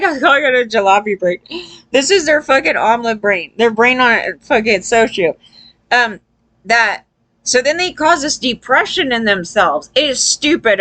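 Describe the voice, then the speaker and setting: Bright-voiced woman ranting casually. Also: a little high. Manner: loose, profane, repeats "right?"; acts out quoted people. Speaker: vlogger. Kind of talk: casual opinion rant.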